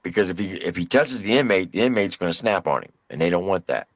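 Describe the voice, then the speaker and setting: A man co-hosting a live stream, telling a story casually with drawn-out emphasis and mild cursing. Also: deep voice, lively intonation, dry recording.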